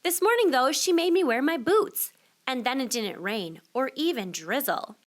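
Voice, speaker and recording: A woman teacher reading a children's picture book aloud to young listeners, expressive and switching voices for the child and the mother. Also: high voice, moderate pace. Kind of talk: children's storybook read-aloud.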